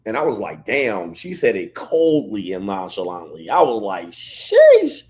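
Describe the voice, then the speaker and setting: A man hosting a casual livestream, reading chat comments and telling stories in an animated way. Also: deep voice, normal speed. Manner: animated storytelling, reads chat comments aloud. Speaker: livestream host.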